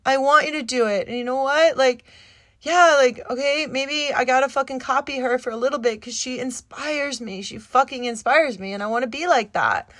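A woman's voice: high-pitched, normal speed, a bit bright, no echo. Fired-up swearing woman podcaster. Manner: swears constantly, impassioned and rambling; emotional, near tears at times. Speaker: podcast host. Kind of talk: casual solo podcast monologue.

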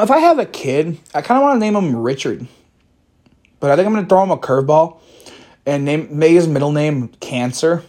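A man's voice: on the high side, a little mellow. A man rambling profanely through a solo podcast, cracking wry jokes and breaking into rants. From Chicago area. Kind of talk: casual rambling monologue.

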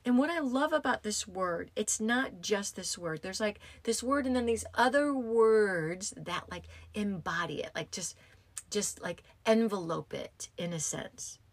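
A woman's voice: medium pitch, lively intonation, a little slow, no room sound. A woman in her fifties, a yoga teacher hosting a podcast, talking in a casual, emphatic motivational way and repeating her key phrases. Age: 50s.

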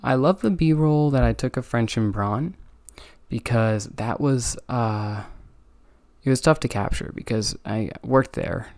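This young podcast host sounds worn out and keeps yawning as he casually reviews things alone, full of ums and jabs at himself. His mid-range voice is a little slow and darkish, captured in a dry recording.

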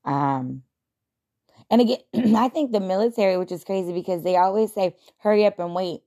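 A woman's voice: medium pitch, normal speed, dark tone. A young adult woman hosting a podcast, talking casually and reflectively, chatty and self-deprecating with frequent laughs. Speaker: podcast host.

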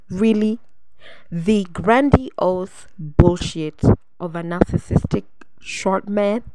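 A woman hosting a solo podcast, ranting bluntly and with profanity, breaking into sudden loud outbursts. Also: lowish voice, takes it slowly, background noise. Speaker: podcast host.

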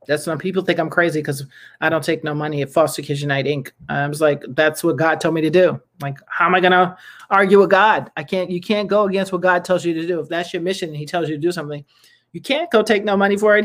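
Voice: medium pitch, fairly even intonation, fast, a bit bright. A speaker in their thirties hosting a casual good-news talk, rambling and chatty with frequent laughs and fillers and earnest, preachy asides. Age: 30s. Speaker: podcast host and nonprofit founder.

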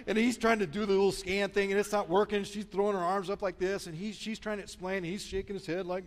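Chatty Midwestern pastor in a big hall. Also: male voice, high-pitched, quick pace. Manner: storytelling, chatty, self-deprecating humor. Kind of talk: sermon. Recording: long reverb of a large church hall.

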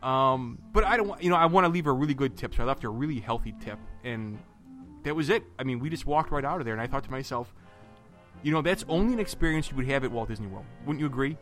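A man's voice: medium pitch, fast talker, soft background music. Chatty man telling a trip story. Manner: animated storyteller, acts out quotes, many fillers and restarts. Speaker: podcast co-host. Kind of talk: casual podcast storytelling.

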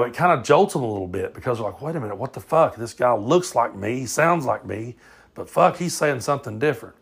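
Southern guy talking into his phone, gravelly low rumble, loose and cussing a lot. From southern United States. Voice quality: drawling, loose, swears freely. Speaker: podcast host. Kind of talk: casual podcast monologue.

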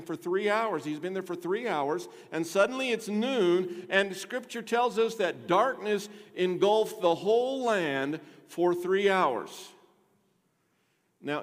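Older man, pastor, sermon, conversational asides, building emphasis, long hall reverb. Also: fairly high pitch. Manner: conversational preaching with rising emphasis and rhetorical asides. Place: church sanctuary.

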